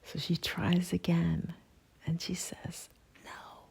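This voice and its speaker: A woman whispers a bedtime story, unhurried and hushed. Her low whisper is husky and gravelly, with a dark, mellow softness. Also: fairly even intonation. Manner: slow, soft, hushed.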